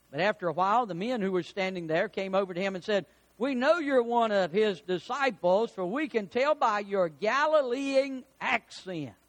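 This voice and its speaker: A middle-aged man preaching, his voice sitting high and swinging widely in pitch. He tells folksy, homely stories between readings of scripture. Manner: animated preaching with folksy anecdotes. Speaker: pastor. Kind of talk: sermon.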